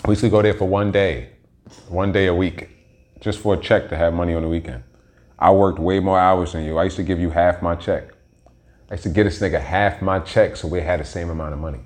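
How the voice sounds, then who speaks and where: Deep-voiced guy rambling on his podcast, slangy, swears a ton. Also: fairly even intonation, fairly quick, darkish tone. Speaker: podcast host. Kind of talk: casual profane monologue.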